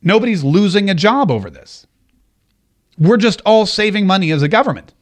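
A man's voice: high voice, lively intonation, moderate pace. A man hosting a talk show, giving casual, joking political commentary with frequent restarts. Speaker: podcast host.

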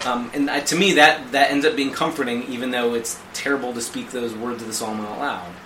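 A middle-aged man co-hosting a conversational theology podcast, animated and acting out quoted prayers in different voices. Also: mid-range voice, fairly quick, hardly any pauses, slight background noise. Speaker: podcast co-host. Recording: echoey room.

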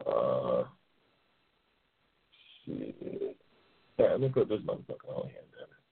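A man's voice: a bass voice, huge pitch swings, unhurried, gravelly, breathy edge. A man hosting a live call-in talk show, trash-talking and teasing callers with lots of cursing. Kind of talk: casual live call-in banter. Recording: tinny phone-line sound.

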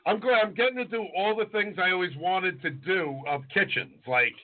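A man's voice: high-pitched, moderate pace. A man, a chef and podcast co-host, telling stories loosely and swearing freely in casual chat. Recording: tinny phone-like sound.

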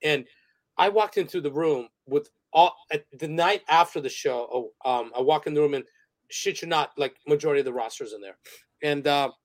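A man's voice: fairly high pitch, normal speed, no echo. A man who is a podcast guest telling stories in a casual interview, rambling with fillers and restarts and laughing often.

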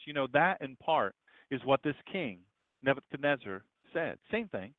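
A man preaching a sermon in a conversational style, asking rhetorical questions and swinging between loud and hushed lines. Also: mid-range voice, big pitch swings, normal speed, dry recording. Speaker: pastor. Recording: tinny, phone-like dry recording.

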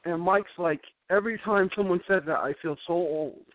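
This high-sitting male voice belongs to a sports talk host on casual call-in radio, talking at normal speed. His long, wandering story restarts again and again, and the audio is echo-free, dry, and tinny like a phone call.

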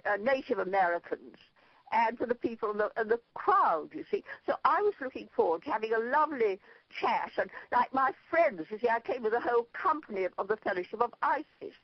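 An older Irish woman spins a rambling anecdote for an interviewer, her pitch leaping up and down as she goes. She laughs easily at her own stories. The sound is dry and dull, like a muffled phone line. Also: fairly quick, slightly rough, no echo. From Ireland. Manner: lively, rambling storyteller who laughs at her own tales. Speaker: interview guest, spiritual leader.

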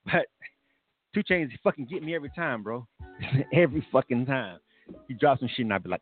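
A man's voice: mid-range voice, a little fast. A man hosting a casual radio music review show, talking in a laid-back, slangy, profane way. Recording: tinny phone-like broadcast audio.

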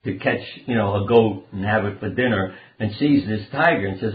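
A man's voice: on the low side, normal speed, a little hiss or hum. An older man, a doctor and author, earnestly telling rambling personal anecdotes as an interview guest. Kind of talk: conversational storytelling interview. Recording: phone-like line in a roomy space.

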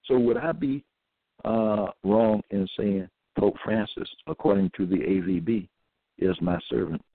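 A man giving a scripture-reading monologue as a religious podcaster, reading verses slowly and solemnly and pausing often with fillers. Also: fairly low pitch, creaky, dry recording. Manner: halting, with many pauses and fillers. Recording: dry, tinny phone-like audio.

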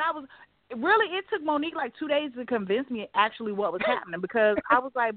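A woman's voice: fairly high pitch, expressive, quick pace, no echo. A woman author telling a story in a casual interview, acting out both sides of conversations in quoted voices. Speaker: guest author. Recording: phone-like dry sound.

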